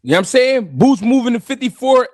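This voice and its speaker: A man's voice: very high voice, big pitch swings, fast talker, darkish tone, no room sound, studio quality. A man hosting a live stream, chatting casually and animatedly in slang, talking straight to his chat.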